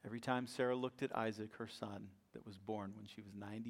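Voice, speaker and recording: A man preaching a sermon as a pastor, telling a story in a lively way and often checking in with "right?". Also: on the low side, quick pace, creaky, hardly any pauses. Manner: acts out quoted voices with bursts of laughter.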